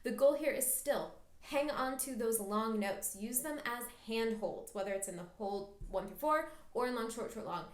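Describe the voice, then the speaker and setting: A woman's voice: on the high side, normal speed, echoey room. A woman teaching a flute lesson, patiently coaching the listener through practice steps. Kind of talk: instructional music lesson.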